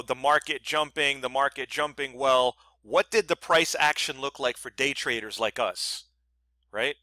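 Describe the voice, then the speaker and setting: A man's voice: medium pitch, pushed and bright, dry recording. A man giving a screen-share trading tutorial in a blunt, profane, emphatic way, sounding annoyed and often asking "right?" to check that the viewer follows. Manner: keeps asking "right?" for agreement. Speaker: trading educator.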